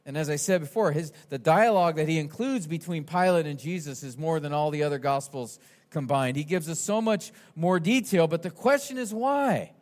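Animated preaching man, fairly high voice. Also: moderate pace. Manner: animated preaching, rising to shouts in quotes. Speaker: pastor. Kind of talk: expository sermon.

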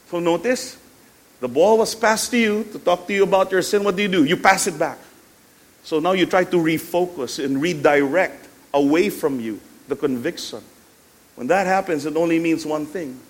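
Filipino-accented male pastor, sermon delivery, slightly high pitch, dramatic loud-soft swings. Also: moderate pace. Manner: dynamic preaching with big swings between loud and hushed; mixes English with Tagalog phrases.

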